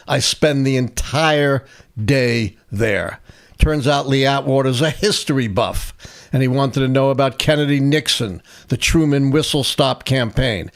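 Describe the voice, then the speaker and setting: Older male historian, host of a live stream, lively anecdotal delivery with voiced quotes. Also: mid-range voice. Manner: animated anecdotal storyteller, acts out quotes. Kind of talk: live election stream storytelling.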